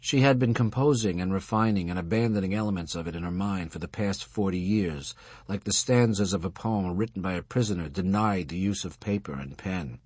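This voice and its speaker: A man narrating an audiobook in a measured, expressive storytelling way. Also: low-pitched, breathy edge, no echo. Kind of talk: scripted narration.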